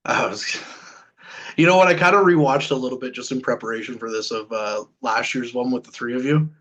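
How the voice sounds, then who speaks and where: A man hosting a casual podcast interview, animated and quick to laugh. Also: medium pitch, rough recording. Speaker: podcast host.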